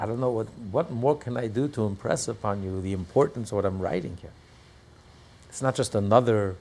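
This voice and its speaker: A fairly low-pitched man teaching a religious text to a class, his voice gravelly and a touch husky. He teaches in an animated, storytelling way and lifts into loud outbursts when he acts out what others say. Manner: animated storyteller, bursts into loud cries when acting out quotes. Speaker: Torah teacher. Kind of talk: expressive class teaching with stories.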